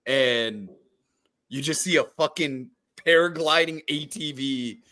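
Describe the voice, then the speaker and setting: A man's voice: on the high side, slow, sharp tone. A man co-hosting a podcast, telling things bluntly with a lot of swearing. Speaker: podcast co-host. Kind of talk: casual profane group chat.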